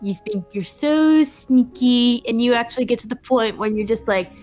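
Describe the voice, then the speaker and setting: Animated woman game master. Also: fairly high pitch, normal speed, soft background music. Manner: animated, laughing storyteller. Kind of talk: narrating a tabletop game.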